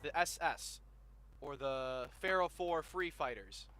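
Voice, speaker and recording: Brief: excitable male gamer, high voice, rambling play-by-play, music under. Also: slow pace. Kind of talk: casual gaming commentary.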